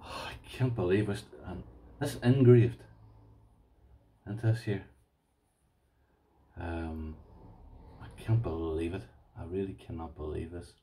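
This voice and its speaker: A deep-voiced Irish man with a warm, mellow tone chats on his vlog, gushing over and over and calling his viewers "boys". His voice sits a little back from the mic, so it sounds somewhat distant. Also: takes it slowly, pauses often, slight background noise. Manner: gushing, repeats himself, addresses viewers as "boys". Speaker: lockpicking vlogger. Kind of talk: casual excited unboxing chat.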